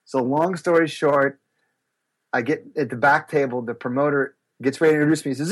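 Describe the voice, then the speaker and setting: Husky-voiced man telling a lively story. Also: fairly high pitch, fairly quick. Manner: acts out voices and gasps, lively and expressive. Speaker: guest, speaker and business coach. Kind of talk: animated storytelling in a podcast interview.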